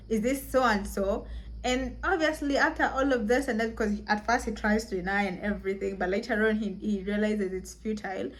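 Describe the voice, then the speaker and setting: A young adult woman casually telling a story to her viewers, acting out the quoted lines with rising emphasis. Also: mid-range voice. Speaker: storytelling vlogger.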